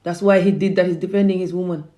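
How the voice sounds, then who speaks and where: A woman's voice: on the low side, fairly even intonation, quick pace, dark tone. A woman from Gambia ranting heatedly and emphatically in a self-filmed commentary video. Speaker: vlogger.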